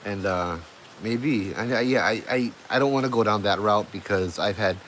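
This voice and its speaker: Low-voiced man rambling through a ghost story. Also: moderate pace, a bit bright, slight background noise, rough recording. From Hawaii. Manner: rambling, conversational, many fillers and restarts. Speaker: livestream host telling ghost stories. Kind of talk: casual storytelling to a live chat.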